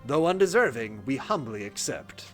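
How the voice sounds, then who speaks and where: A man's voice: mid-range voice, big pitch swings, moderate pace, voice pushed down, close to an everyday voice. A man reading a deferential knight commander's lines aloud in a humble, formal way, with game music faint behind him.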